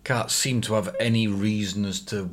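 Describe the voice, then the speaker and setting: Low-voiced man, co-host, halting casual delivery. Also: steady tone. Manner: hesitant, many ums and restarts. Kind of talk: casual book discussion.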